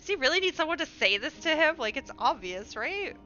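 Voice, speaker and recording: A woman's voice: sits high, big pitch swings, brisk, pushed and bright, dull audio, soft background music. A young woman streaming a video game, chatting casually and giggling. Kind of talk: casual gameplay commentary.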